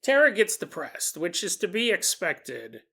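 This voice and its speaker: A woman's voice: lowish voice, big pitch swings, a little slow, gravelly, sharp tone, husky. A woman hosting a podcast, telling a paranormal story in a chatty, joking way and acting out the people in it. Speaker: podcast host. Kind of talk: casual paranormal story narration.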